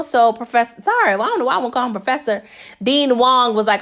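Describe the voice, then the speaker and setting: A woman's voice: a little high, lively intonation, fast, a bit bright. A woman hosting a casual TV episode recap, chatty and slangy, tossing sassy asides to her viewers.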